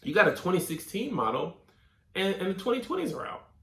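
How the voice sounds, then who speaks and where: A man hosting a comedic advice show, reading listener letters aloud and reacting in a mock-serious, animated way. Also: sits high, fairly quick, vocal fry, reverberant. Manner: animated, mock-serious, coughing fits as a bit.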